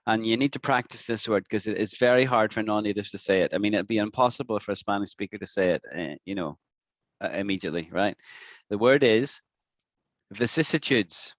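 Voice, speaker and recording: A man teaching an online English lesson, patiently repeating words slowly for his students to practice. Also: lowish voice, dry recording. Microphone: video call.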